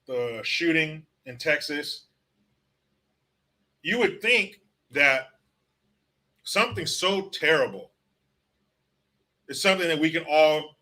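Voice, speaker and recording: A man's voice: fairly high pitch, pushed and bright. A man hosting a political livestream, ranting bluntly and sarcastically with lots of profanity while reading out chat comments. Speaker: political commentary show host.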